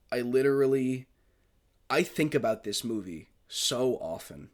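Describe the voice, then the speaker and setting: A man's voice: mid-range voice, expressive, measured pace. A man in a mid-range voice talks through a film he loves in a loose, unscripted monologue. He gushes, circles back on himself, and swears casually along the way. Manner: gushing, rambling, swears freely. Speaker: film reviewer.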